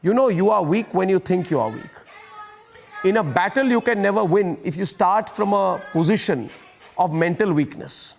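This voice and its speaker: A man with an Indian English accent runs a heated news debate. His voice sits fairly high, and he talks forcefully, interrupting the other speakers over and over. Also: lively intonation, moderate pace, vocal fry. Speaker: debate host.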